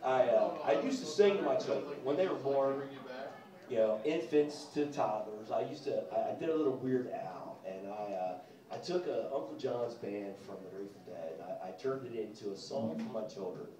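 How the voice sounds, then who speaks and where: A man's voice: mid-range voice, animated, moderate pace, crowd noise. A middle-aged man doing a stand-up routine, rambling through self-deprecating stories with crude asides, recorded in an echoey comedy club from some distance, with audience laughter behind him.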